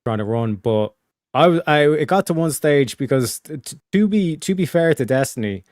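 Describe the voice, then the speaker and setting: A man's voice: fairly high pitch, animated, normal speed, darkish tone, no room sound, clean studio sound. A man chatting casually as a streamer host, rambling with lots of fillers, restarts and casual swearing. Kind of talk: casual chat.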